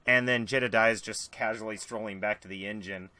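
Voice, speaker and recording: A man narrating as game master of a tabletop role-playing game, animated with quick asides. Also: fairly low pitch, no echo.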